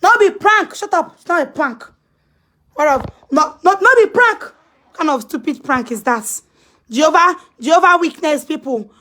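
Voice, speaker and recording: A Nigerian woman with a Pidgin English accent and a strikingly high, piercing voice holds forth on a phone live stream. She scolds and lectures, hammering the same phrases over and over, and her voice climbs into shouts. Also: animated, moderate pace. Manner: scolding, repetitive, emphatic, breaks into shouts. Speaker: social media personality. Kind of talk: ranting live-stream commentary.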